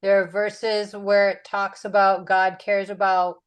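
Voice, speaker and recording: A woman's voice: medium pitch, flat delivery, unhurried, clear, resonant tone, poor audio. Chatty woman leading a Bible study. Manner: chatty, with many "like"s and "um"s. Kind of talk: casual Bible teaching.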